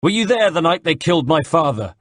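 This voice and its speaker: A male audiobook reader voicing an intense, forceful young swordsman. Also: fairly high pitch, normal speed, no echo, clean studio sound, pitched above the performer's own voice, lightly acted. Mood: furious. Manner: forceful, shouting. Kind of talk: audiobook character voice.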